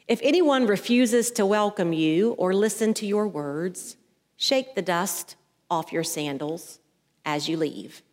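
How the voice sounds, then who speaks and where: A woman pastor preaching a sermon into a headset mic, telling stories and acting out the voices in them. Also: fairly low pitch. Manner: storytelling, acts out voices in anecdotes. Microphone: headset mic at the ear. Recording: long hall reverb.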